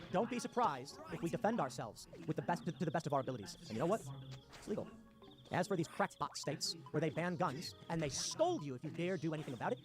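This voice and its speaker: Fast-talking sarcastic ranting man. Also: sits high. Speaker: political commentator. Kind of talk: livestream commentary reading posts aloud. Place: home in West Virginia. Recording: music playing underneath. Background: music.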